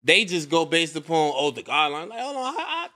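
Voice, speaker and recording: A man's voice: on the high side, sing-song, fairly quick, pushed and bright. A man co-hosting a casual barbershop-style podcast, talking expressively and acting out what others said. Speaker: podcast co-host.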